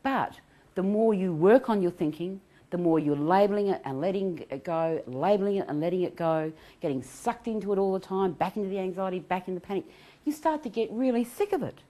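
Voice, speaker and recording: A middle-aged woman giving an animated self-help talk on anxiety recovery. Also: mid-range voice, a little fast. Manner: animated, acts out quoted voices, laughs often.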